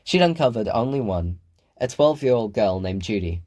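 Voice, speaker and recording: A man reading a novel aloud as an audiobook narrator, in a measured storytelling manner. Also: fairly low pitch, expressive, darkish tone. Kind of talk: scripted narration.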